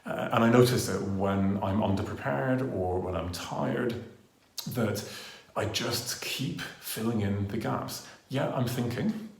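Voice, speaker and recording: Man, lowish gravelly voice, earnest training talk, lots of ers and ums, lapel mic. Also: slow pace. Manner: varies pace and volume to demonstrate. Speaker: presenter and trainer. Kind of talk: instructional talk to camera. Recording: roomy echo.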